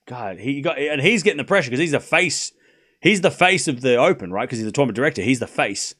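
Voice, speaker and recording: Lively, animated man calling tennis scores. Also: medium pitch, quick pace. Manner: casual, swears freely, laughs often; calls scores between chatty asides. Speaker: stream host. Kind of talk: live sports watchalong commentary.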